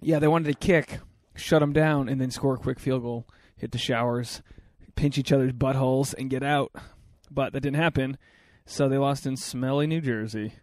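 A man's voice: medium pitch, steady tone, moderate pace, few pauses, darkish tone, no echo, studio quality. A young man hosting a podcast, joking crudely and rambling in casual banter. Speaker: podcast host.

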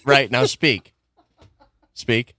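A man's voice: mid-range voice, steady tone, drawn-out words, pushed and bright, no echo. A man co-hosting a podcast in casual chat, teasing and laughing a lot. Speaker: podcast co-host.

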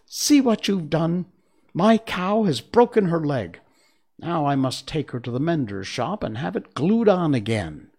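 A man's voice: mid-range voice, big pitch swings, normal speed, vocal fry, hardly any pauses, darkish tone. A man voicing a cross young china milkmaid who scolds indignantly. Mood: angry.

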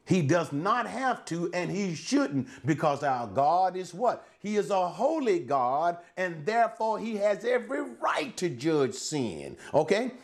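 A man's voice: high-pitched, big pitch swings, measured pace, hardly any pauses. A man teaching a Bible lesson as a sermon, posing rhetorical questions and then answering them, often repeating and restarting words. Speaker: preacher.

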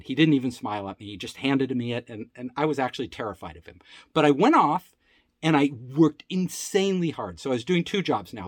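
Animated husky man telling a story. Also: a little high, no echo, studio quality. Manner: animated, acts out quoted voices, laughs often. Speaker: storyteller recounting his career. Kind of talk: casual personal storytelling.

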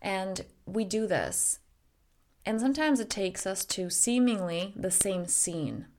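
A woman's voice: medium pitch, lively intonation, takes it slowly, darkish tone, slight background noise. A woman life coach talking to listeners in an earnest, direct way, with the odd swear word. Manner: earnest, direct, mildly profane. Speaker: life coach and podcast host. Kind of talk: casual spoken monologue.

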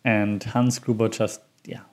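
A man's voice: fairly low pitch, flat delivery, measured pace, darkish tone. A man hosting his own podcast, talking in a loose, chatty way full of ums and small laughs at himself. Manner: rambling and chatty with frequent ums. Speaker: podcast host. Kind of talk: casual solo podcast commentary.

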